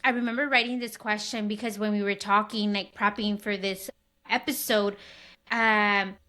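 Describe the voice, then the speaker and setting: Woman host, mid pitch, chatty and full of fillers. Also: fairly even intonation, moderate pace, pushed and bright. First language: Spanish. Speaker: podcast host. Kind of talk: casual interview chat.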